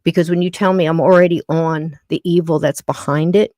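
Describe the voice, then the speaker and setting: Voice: mid-range voice, fairly even intonation, a little fast, darkish tone, no room sound, studio quality. Blunt, emphatic podcast host. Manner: blunt, emphatic, repeats points. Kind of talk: live-stream podcast talk.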